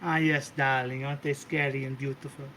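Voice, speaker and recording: A man's voice: medium pitch, little pitch movement, brisk, sharp tone, slight background noise, natural voice. A man voicing a flamboyant, hot-tempered mother goddess who gushes, swears and calls everyone darling. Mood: gushing.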